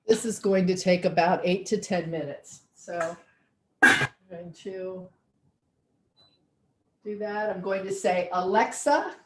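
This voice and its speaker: A woman's voice: lowish voice, fairly even intonation, slow, pauses often, noisy background. A woman teaching a cooking class over a video call, chatty and folksy, thinking aloud as she works. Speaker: cooking instructor.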